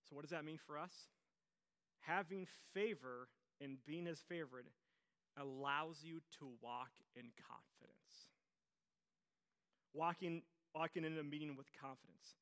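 Guy pastor giving a sermon, bright voice, kinda high, keeps saying "i'm telling you" type lines. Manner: energetic storytelling preacher, repeats phrases.

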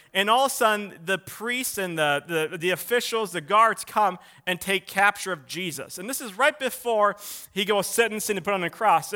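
High, bright-voiced man preaching. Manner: animated, acts out quotes in a raised voice; loose, conversational with restarts. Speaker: pastor. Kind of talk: sermon with storytelling.

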